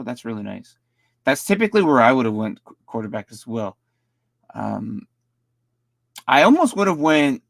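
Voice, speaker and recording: A man's voice: mid-range voice, fairly bright tone, no echo. A man casually reviewing fantasy football rosters on a live stream, rambling and often stumbling over and repeating his words.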